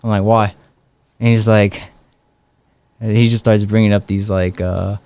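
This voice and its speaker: A man's voice: lowish voice, fairly even intonation, measured pace, pauses often, darkish tone, clean tone. A young man, a street evangelist, telling stories in a casual interview, full of fillers and acted-out dialogue. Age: young adult. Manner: rambling, many fillers and quoted dialogue.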